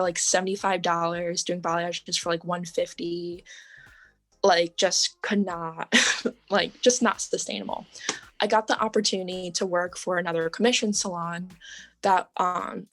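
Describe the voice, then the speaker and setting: A young woman, a podcast guest, telling her story in casual conversation, full of "like" and "um" and quick laughs. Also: lowish voice. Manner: chatty, lots of "like" and "um", laughs often.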